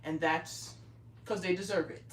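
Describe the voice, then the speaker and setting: A woman's voice: lowish voice, steady tone, a little slow, recorded from a distance, background noise. A middle-aged woman hosting a craft livestream from her home craft room, talking in a brash, profane, bossy teasing way. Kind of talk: casual livestream chat while crafting. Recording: roomy echo, speaking away from mic.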